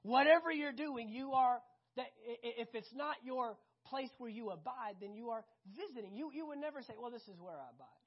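A woman preaching a sermon, animated and conversational, often asking the congregation questions. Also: sits high, normal speed, few pauses, husky, dull audio.

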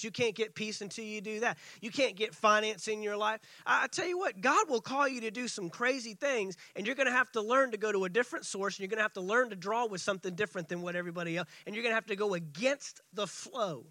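A man delivers a sermon in a high, bright voice with a sharp edge. He swings between excited bursts and hushed, slowed-down lines, and he acts out the scripture dialogue. The sound is dry and close. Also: no room sound. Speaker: pastor.

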